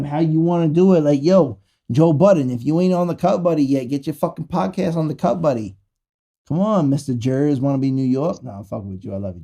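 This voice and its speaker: A male podcast host rambles loosely through a sponsor plug, swearing freely and cracking jokes. His voice is high for a man, but it has a dark, mellow tone. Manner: loose, profane, rambling, joking. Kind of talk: casual podcast chat and sponsor read.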